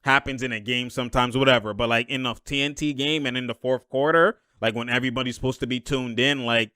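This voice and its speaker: Young guy hyped watching hoops, laughing and hollering, bright crisp voice, dead dry sound. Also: medium pitch, quick pace, no echo. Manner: excitable, slangy, laughs often, yells at plays. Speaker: basketball commentator reacting to a game. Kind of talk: live game reaction commentary.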